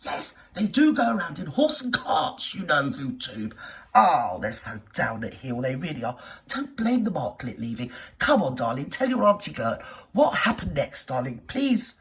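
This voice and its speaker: A woman's voice: sits low, big pitch swings, moderate pace, far from the mic. A woman hosting a reaction video with camp, theatrical, sarcastic comedy commentary.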